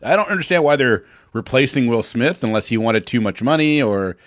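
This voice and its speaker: A man co-hosting a casual podcast, chatting loosely and swearing, then reading voice-over lines slowly and low. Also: expressive, no room sound, clean studio sound. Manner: laid-back, swears casually, reads slow and low for takes.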